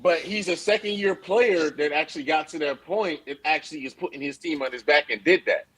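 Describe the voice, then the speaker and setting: A man's voice: a little high, a little fast, a bit bright, breathy edge, low-quality recording. A man co-hosting a casual sports debate, defensive and restarting his sentences while talking over others. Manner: defensive, interrupts with repeated restarts. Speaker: show co-host.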